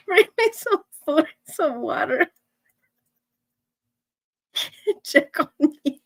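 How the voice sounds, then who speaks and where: A woman's voice: high-pitched, sing-song, extremely slow, gravelly, fairly bright tone, dry recording. A middle-aged woman, hosting a weekly live show and chatting casually with viewers, laughing between nearly every line.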